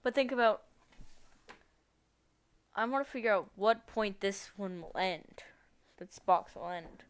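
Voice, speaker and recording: A woman live-streaming from a room at home, chatting to viewers as she works through her code. She thinks aloud in a loose, rambling way, stopping often to correct herself, in a voice of ordinary middle pitch. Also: measured pace, long pauses, clear, resonant tone. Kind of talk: casual live-stream talk while coding.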